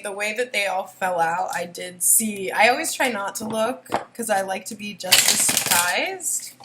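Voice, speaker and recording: A woman's voice: mid-range voice, a bit bright, slight background noise. A young woman doing a casual tarot reading, rambling and giggly, often emotional. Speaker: tarot reader.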